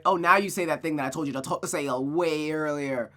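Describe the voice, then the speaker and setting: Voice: medium pitch, fairly quick, few pauses, fairly bright tone. Chatty visual novel reader. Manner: chatty, self-correcting, wry asides. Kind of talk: reading a game aloud with running commentary.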